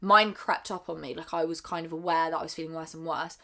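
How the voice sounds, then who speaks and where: A young woman from Britain, her voice sitting a little low, talks openly on a podcast. She is earnest and halting, often stopping and restarting mid-sentence. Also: steady tone, a bit bright. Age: young adult. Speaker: podcast co-host. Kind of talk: candid casual chat.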